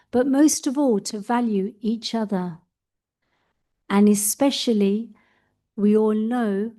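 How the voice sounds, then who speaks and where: A woman meditation teacher gives a spiritual talk at an unhurried, slow pace. Her voice is mellow and dark, and she tells stories gently, slipping into the voices of her characters. Her pitch sits in a middle range.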